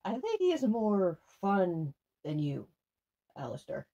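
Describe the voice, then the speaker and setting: A woman hosts a casual paranormal challenge vlog at a middling pitch. Her delivery is excitable and dramatic, with plenty of swearing thrown in. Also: takes it slowly, dull audio. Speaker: video host.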